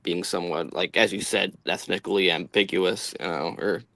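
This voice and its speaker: A man co-hosting a casual interview, asking the guest relaxed, rambling questions. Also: low-pitched, moderate pace, no room sound.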